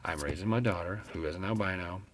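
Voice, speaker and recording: A middle-aged man with a West Virginian accent, ranting to camera in a blunt, profane, animated vlog. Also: deep voice, fast talker, slight background noise. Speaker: vlogger.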